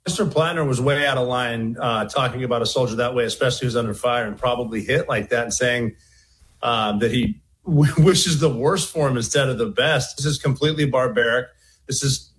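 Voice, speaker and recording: A male military veteran, speaking earnestly and haltingly in an interview clip. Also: mid-range voice, a bit bright.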